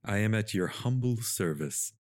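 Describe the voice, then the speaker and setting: A man voicing a courteous, teasing giant male Bigfoot in a podcast reading of a monster romance, in a deep, polite voice. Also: animated, dry recording, clean studio sound, close to an everyday voice. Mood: gently teasing. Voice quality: deep, slow and gentle. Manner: polite, playful, a little formal. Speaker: podcast co-host.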